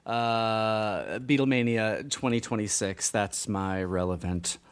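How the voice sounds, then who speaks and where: Podcast co-host, male, forties, lowish voice, meandering and self-mocking. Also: slow, clean tone. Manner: rambling, self-deprecating, many restarts. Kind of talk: casual chat.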